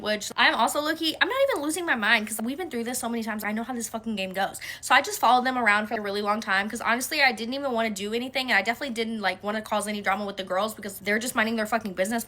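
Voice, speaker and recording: A woman telling a personal story in a casual vlog, animated and full of swearing. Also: on the high side. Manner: animated, profane, gossipy.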